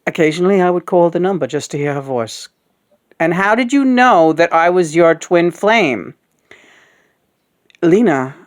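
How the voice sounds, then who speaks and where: Frank rambling woman in her sixties. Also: sits low. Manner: frank, profane, rambling with many fillers. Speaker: host of a puppet show. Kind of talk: casual candid conversation.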